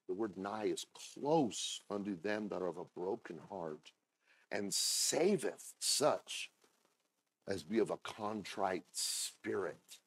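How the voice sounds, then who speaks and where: A man preaching a sermon as pastor, talking conversationally with asides to the congregation and reading scripture slowly and deliberately. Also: fairly low pitch.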